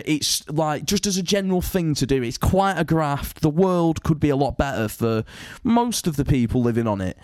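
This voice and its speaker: A man's voice: fairly high pitch, a little mellow, dry recording, studio quality. A man co-hosting a podcast, ranting in sweary, casual chat. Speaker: podcast co-host.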